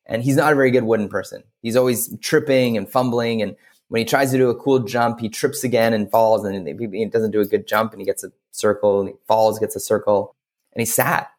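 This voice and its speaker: A man's voice: lowish voice, steady tone, fairly quick, a little mellow. Rambling man on a podcast. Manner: rambling, filler-heavy. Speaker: podcast guest. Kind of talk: casual interview talk.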